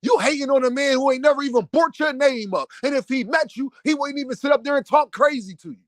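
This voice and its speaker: High-voiced man ranting in heated commentary. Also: quick pace, no room sound. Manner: heated, preachy, repetitive rhetorical questions. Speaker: commentary host. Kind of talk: impassioned commentary rant.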